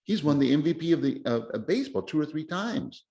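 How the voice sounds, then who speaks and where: Rambling excitable man, casual chat. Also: fairly high pitch, fast, gravelly, dull audio. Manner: rambling, excitable, many restarts. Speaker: podcast host. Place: lives in Japan.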